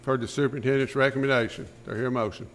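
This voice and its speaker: A man chairing a school board meeting, running through motions and votes in a brisk, routine manner. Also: mid-range voice, fairly even intonation, a little hiss or hum. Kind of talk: formal meeting procedure.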